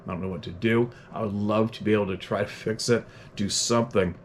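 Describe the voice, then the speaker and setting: A man with a fairly low voice hosts an unscripted podcast, ranting bluntly and cursing freely. Between his tirades he chuckles at himself and reads out listener letters, with a faint hum of ambience behind him. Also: fairly even intonation, a little fast. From Canada. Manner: blunt, profane, heated ranting; self-deprecating chuckles.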